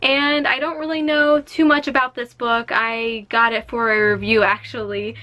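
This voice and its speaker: A young woman book vlogger chatting excitedly at home and reading book synopses aloud. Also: a little high, moderate pace. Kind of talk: casual vlog.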